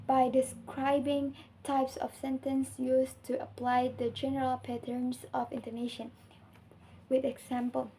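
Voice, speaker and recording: Young woman, Indonesian accent, student reading an assignment, high voice, mellow tone, faint background hiss. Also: low-quality recording. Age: young adult. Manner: careful, earnest reading with small slips.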